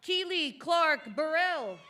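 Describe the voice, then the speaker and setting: High, bright woman announcing graduates' names. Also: expressive. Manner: slow, loud, deliberate name calling. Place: outdoor graduation ceremony.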